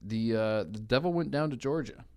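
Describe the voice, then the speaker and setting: A man in his forties co-hosting a casual studio chat on a radio show, easygoing and quick to laugh while teasing his co-host. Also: mid-range voice, mellow. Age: 40s.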